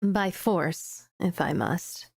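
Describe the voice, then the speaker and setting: A woman's voice: on the low side, drawn-out words, vocal fry, darkish tone, slightly rough, voice pushed down, heavily acted. A woman voicing a ruthless young female soldier from a game story, speaking in a grim, threatening way. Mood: cold, menacing.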